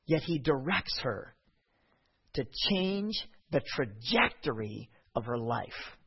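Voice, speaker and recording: A man delivering a sermon with a husky, slightly raised voice that swings widely in pitch. He acts out the voices in the passages he reads. The recording sounds dull and lo-fi. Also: takes it slowly. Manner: expressive delivery, acting out voices in scripture. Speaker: preacher.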